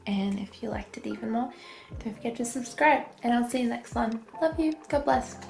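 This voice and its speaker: A woman's voice: a little high, normal speed, vocal fry, a little mellow, roomy sound, rough recording. A woman vlogger talking casually to camera, tired and out of breath, chatty and apologetic.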